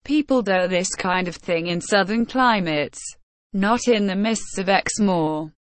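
A woman's voice: medium pitch, dry recording, close to an everyday voice. Woman reading as a dying proud old nobleman. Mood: stern. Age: older. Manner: slow, stern, measured.

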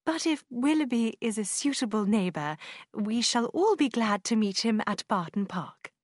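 A gracious, calm mother from a storybook, as a woman reader voices her. She speaks gently and with measured politeness. The sound is dry and close. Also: a little high, no room sound. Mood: gently firm.

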